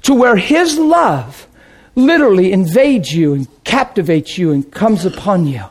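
A man preaching a sermon and telling his own conversion story, emphatic and dramatic, dropping to a hush and then shouting. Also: high voice, big pitch swings, a little slow. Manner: emphatic, dramatic, swings between hushed and shouting. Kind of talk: sermon with personal testimony.

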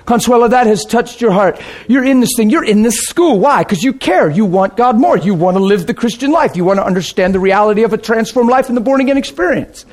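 A man preaching a sermon and telling his own conversion story, emphatic and dramatic, dropping to a hush and then shouting. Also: high voice, lively intonation, fast talker, hardly any pauses. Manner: emphatic, dramatic, swings between hushed and shouting. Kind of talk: sermon with personal testimony.

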